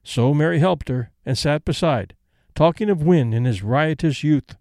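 Measured male storyteller, dry close sound. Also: a little high, expressive, a little mellow, no echo. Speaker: narrator. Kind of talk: scripted audiobook narration.

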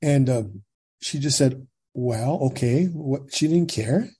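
Slow and husky, with a medium-pitched voice, this man in his sixties from California shares his personal story on a podcast. He brings the dialogue to life as he retells it, frequently tossing in a "right?".

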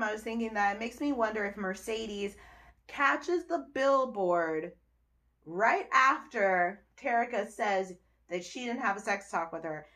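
A young woman hosting a podcast, recapping a TV episode in casual chat, animated and exasperated, with cursing and laughter. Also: mid-range voice. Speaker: podcast host reviewing a TV episode.

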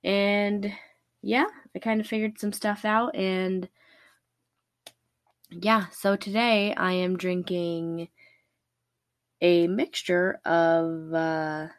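A young woman with a sore, raspy throat and a lowish, level voice hosts a true-crime podcast, speaking slowly in an unhurried, rambling way. She swears casually and pokes fun at herself, recorded dry and close on a laptop.

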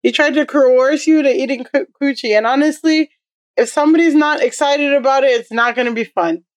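A woman hosting a casual podcast, reacting frankly with blunt comments and quick jokes. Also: sits high. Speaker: podcast host.

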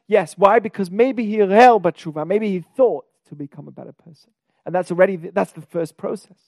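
A man with a high voice teaches a lively Torah class. He stresses key words and keeps asking his listeners questions. The sound is dry and close, with no room around it. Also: moderate pace, dry recording.

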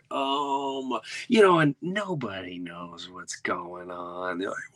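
A middle-aged man, hosting a podcast and telling an animated story, acting out quotes and dropping to hushed asides. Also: mid-range voice, unhurried, creaky, no room sound. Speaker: podcast host.

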